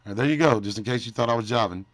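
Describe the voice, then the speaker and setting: A man's voice: mid-range voice, rapid-fire, dry recording. Joking man hosting a livestream. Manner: joking, teasing the chat, trails off and mumbles. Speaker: livestream host. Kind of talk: casual livestream chat.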